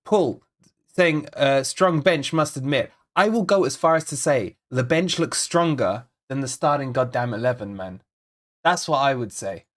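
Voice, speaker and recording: This man's voice is medium in pitch, animated, and a little slow. As a fan channel host leading a live football watch-along, he talks casually to viewers, rambling and repeating things while stressing about the team and reading out the chat.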